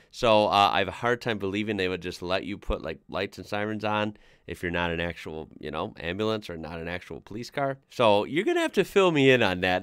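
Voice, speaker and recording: A man's voice: on the low side, a bit bright, clear, resonant tone, no echo, clean studio sound. A man hosting a casual video, reading online posts aloud and reacting with frequent laughter. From United States. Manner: laughs often, chatty and amused. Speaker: YouTube host.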